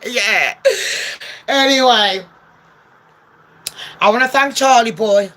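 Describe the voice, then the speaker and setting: A woman rattles off comic gossip commentary with a bright, sharp-edged voice. She is brash and sarcastic, swearing freely as she talks. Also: a little high, measured pace, pauses often. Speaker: gossip vlogger.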